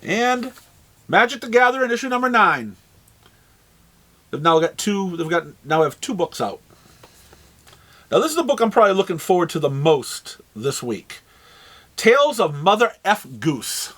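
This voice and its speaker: A man's voice: sits high, big pitch swings, moderate pace, pauses often, a bit bright. A man with a New England accent, running through the week's new comics in a casual, rambling way with many fillers and restarts. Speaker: comic shop host. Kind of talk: casual product rundown.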